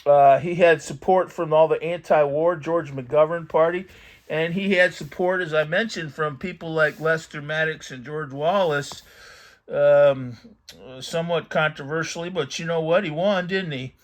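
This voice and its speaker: Middle-aged male host with a slightly high voice, reminiscing in loose, rambling commentary. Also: fairly even intonation, moderate pace. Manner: rambling, reminiscing, thinking aloud. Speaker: vintage magazine collector channel host. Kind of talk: casual commentary while reading a magazine aloud.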